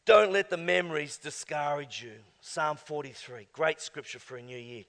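A male pastor preaching emphatically, swinging between hushed asides and loud exclamations. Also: on the high side, normal speed, few pauses. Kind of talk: sermon. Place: church. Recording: long church hall reverb.

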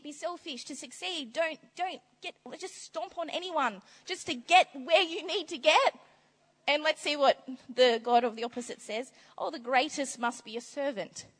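Animated woman preaching in an echoing hall. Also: high voice, a little slow. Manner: animated, laughing, acts out quotes. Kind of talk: sermon. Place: large hall with long reverb. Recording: reverberant hall recording.

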